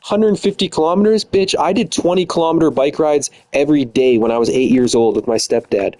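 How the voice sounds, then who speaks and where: A man's voice: medium pitch, steady tone, brisk, warm tone, low-quality recording. A man in his twenties ranting angrily and profanely in a casual, bitter way. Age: 20s. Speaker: streamer. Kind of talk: angry casual rant.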